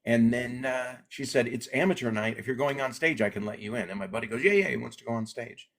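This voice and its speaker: A man's voice: medium pitch, quick pace, a little hiss or hum. A middle-aged man who grew up in Alaska, a comedian chatting casually in an interview and acting out the voices in his stories. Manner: animated storyteller, acts out quoted voices. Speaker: comedian guest.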